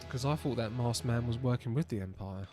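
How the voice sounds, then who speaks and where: A man's voice: medium pitch, brisk, music in the background. An English man streaming a game, thinking aloud in casual, self-mocking commentary.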